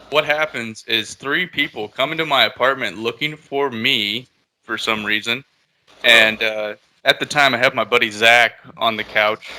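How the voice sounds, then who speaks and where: Brief: man, very bright tone, easygoing podcast storyteller who curses freely. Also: mid-range voice. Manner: laid-back, swears often, laughs at own story. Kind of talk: casual storytelling.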